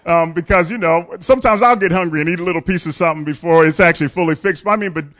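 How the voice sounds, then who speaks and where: A man with a notably high voice preaches through a personal story. He tells it candidly and with humor, often chuckling and turning to speak directly to his listeners. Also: racing, fairly bright tone. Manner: addresses the congregation directly. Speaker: pastor. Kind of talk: storytelling sermon.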